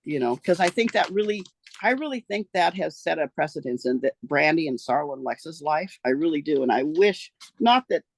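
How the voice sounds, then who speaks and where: An older woman from the rural American West, her voice gravelly and rough at the edges. She rambles through her memories in a folksy way, trailing off and restarting her sentences. The recording is close and dry, with no room sound. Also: low voice, lively intonation, normal speed, no echo. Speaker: interviewee recounting her life. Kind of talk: casual storytelling.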